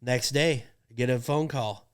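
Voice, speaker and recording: A man's voice: medium pitch, measured pace, smooth. A man who works as a rodeo clown, telling stories in a casual podcast chat, laughing often and acting out what people said. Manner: animated, laughing, acts out quotes.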